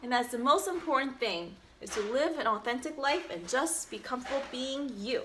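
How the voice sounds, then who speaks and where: A woman's voice: fairly high pitch, expressive, brisk, few pauses, fairly bright tone, a little hiss or hum. A woman in her thirties, a doctor and mother, chatting casually about parenting while reading a picture book to her baby, with a chatty, sing-song baby-talk manner. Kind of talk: casual read-aloud with parenting tips.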